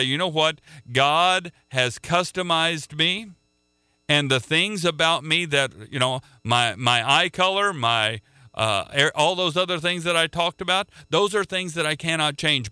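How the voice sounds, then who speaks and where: Male preacher, earnest sermon delivery, very bright and crisp voice, dry close sound. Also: on the high side, dry recording. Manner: earnest, repeats words as he restarts.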